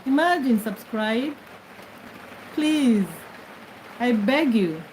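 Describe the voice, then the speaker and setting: A woman's voice: fairly high pitch, expressive, very slow, a little mellow, slight background noise, rough recording. A middle-aged woman from Kenya, chatting casually as host of her livestream from her bed and laughing often as she greets commenters. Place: bedroom, lying on her bed.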